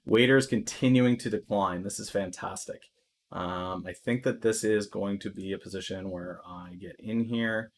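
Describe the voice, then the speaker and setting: A man's voice: fairly low pitch, steady tone, normal speed, slight background noise. Chatty man streaming market commentary. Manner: chatty, thinking aloud with many fillers; swings into loud exaggerated alarm.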